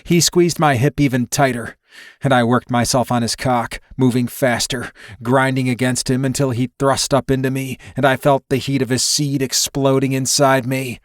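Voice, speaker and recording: Male narrator for a first-person romance audiobook, mid pitch, steady and intimate, dry booth sound. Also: moderate pace, no room sound.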